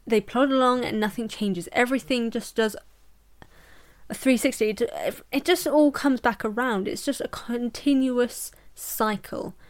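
A young woman talks through a book review podcast in a loose, chatty way, tossing in jokey asides and quick laughs. Her voice sits a little high, and she rambles freely from point to point. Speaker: podcast host.

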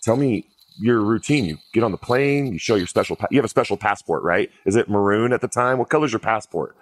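A man's voice: on the low side, lively intonation, fairly quick. A man hosting an interview show, talking loosely and conversationally with fillers and restarts. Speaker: podcast host. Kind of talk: casual interview.

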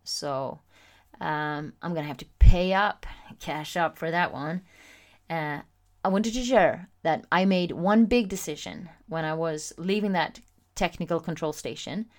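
Candid woman telling a personal story, lower voice. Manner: candid and expressive, with frequent pauses and fillers. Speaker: podcast host.

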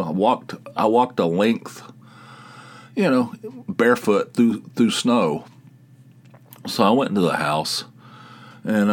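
Male podcast host, lowish voice, casual rambling storyteller, lots of false starts. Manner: rambling, with many restarts and chuckles.

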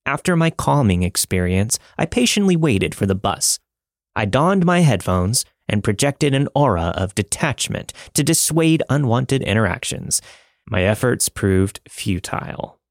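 A man narrating a listener's scary story in a dramatic, measured way, recorded close to a studio mic. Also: mid-range voice, big pitch swings, no room sound. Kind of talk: scripted narration of listener stories.

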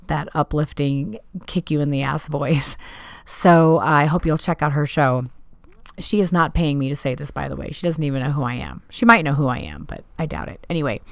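Low-voiced chatty woman podcaster. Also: clear, resonant tone, no echo, clean studio sound. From Southern California. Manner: chatty, candid, self-deprecating. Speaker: podcast host. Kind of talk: casual solo podcast talk.

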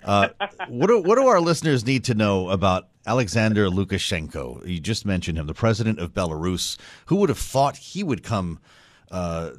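A man hosting a radio interview podcast in a lively, friendly manner. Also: fairly low pitch, no echo.

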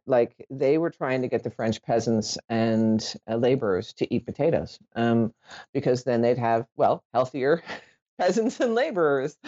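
A woman's voice: a bass voice, warm tone, lo-fi sound. A woman from Ireland with an Irish accent, talking in a casual podcast monologue, rambling, correcting herself and swearing casually.

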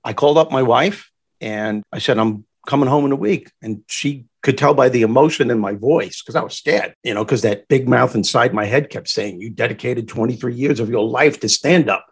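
A man, a former stand-up comic, telling stories lively in an interview and acting out the people he quotes. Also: medium pitch, husky. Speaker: guest, comedian turned motivational speaker. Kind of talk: animated storytelling interview.

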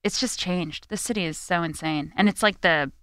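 A woman in her thirties, a comedian guest on a chat podcast, animated and slangy, laughing often. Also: on the low side, normal speed, clear, resonant tone, dry recording, clean studio sound. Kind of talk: casual interview chat. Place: New York City.

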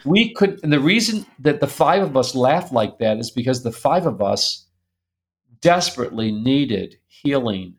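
An older man with a gravelly, fry-edged voice speaks as an interview guest. He tells a family story in an animated, self-mocking way, breaking into laughter and reading old letters aloud in a mid-range voice. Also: medium pitch, unhurried.

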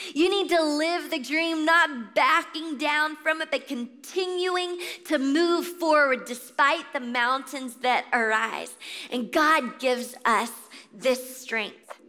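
A high-pitched woman delivers a fervent faith sermon, urging her listeners on and calling them friends. Her voice is bright and forceful, and a long hall reverb trails behind every phrase. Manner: exhorting, warmly addresses listeners as friends. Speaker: inspirational speaker at a faith event. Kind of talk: impassioned inspirational sermon.

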